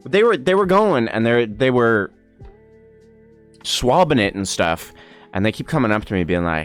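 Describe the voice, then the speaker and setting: Lively young man with American-sounding accent. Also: medium pitch, moderate pace, long pauses, soft background music. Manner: laughing, animated, swears freely. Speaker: streamer. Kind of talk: casual storytelling chat.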